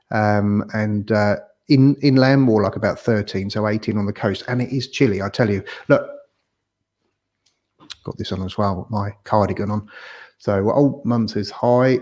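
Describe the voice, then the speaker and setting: A man in a relaxed livestream chat, rambling from one thing to the next and greeting viewers by name. His voice sits a little low. He speaks close to a tripod-mounted camera microphone, so the sound is near and direct. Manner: chatty, rambling, reads viewer comments aloud. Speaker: property agent hosting a livestream. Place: home room in Tenerife. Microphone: camera microphone on a tripod by his mouth.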